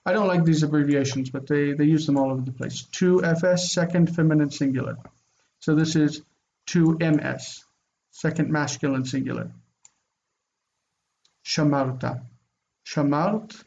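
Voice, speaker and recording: A man with a somewhat high voice teaches an online grammar class. He explains step by step in an easygoing way, with ums and restarts. The audio is dull and lo-fi, like a computer mic on a video call. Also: fairly even intonation, moderate pace, creaky, pauses often, darkish tone. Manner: casual, explains step by step with fillers.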